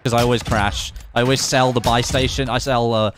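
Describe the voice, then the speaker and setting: A man's voice: medium pitch, level tone, a little fast, slight background noise. A man chatting and poking fun at himself while playing a video game with friends. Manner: chatty, self-mocking. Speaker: gamer channel host. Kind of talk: casual gaming banter.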